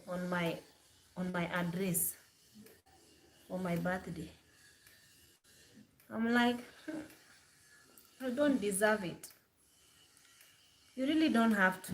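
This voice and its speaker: A woman from Kenya, chatting bluntly and casually to the camera as a vlogger, quick to laugh. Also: medium pitch.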